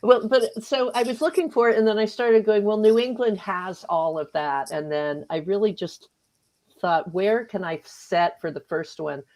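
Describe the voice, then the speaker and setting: A woman's voice: medium pitch, moderate pace, darkish tone. A woman author chatting as a guest on a radio show, often laughing and acting out her own past remarks. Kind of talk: casual interview chat.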